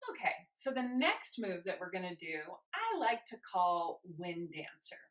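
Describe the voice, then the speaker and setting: A young woman leading a guided movement class, encouraging and gentle, a little out of breath as she moves. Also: on the low side, big pitch swings, a little slow. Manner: encouraging, gentle, invites choices. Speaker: movement instructor. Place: home room with carpet.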